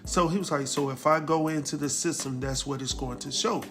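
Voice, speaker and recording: A man hosting a casual episode recap, telling the story in a lively, slangy way and acting out the characters' lines. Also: on the high side, brisk, faint music behind. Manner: slangy, laughs at his own jokes. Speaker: recap show host.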